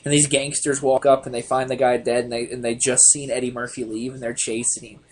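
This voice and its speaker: A man hosting a casual podcast chat, telling stories in an animated, profane way. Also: mid-range voice, quick pace, a little hiss or hum. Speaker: podcast host.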